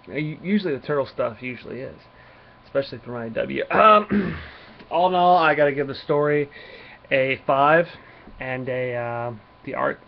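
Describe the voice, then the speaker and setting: A man's voice: medium pitch, gravelly, lo-fi sound, a little hiss or hum. A man giving a casual spoken comic book review, retelling the plot in a rambling way with many fillers.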